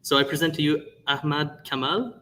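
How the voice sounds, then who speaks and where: A man hosting a live conference panel, introducing a speaker with many pauses and stumbles over names. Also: fairly high pitch, bright, forceful tone, a little hiss or hum, rough recording. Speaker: panel moderator. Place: conference hall.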